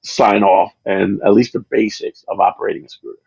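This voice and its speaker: A man's voice: lowish voice, little pitch movement, fairly quick, gravelly, a little mellow, breathy edge, dry recording, highs cut off. A man being interviewed about his channel, chatting casually on a livestream and telling long, rambling stories with many restarts. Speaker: channel creator, interview guest.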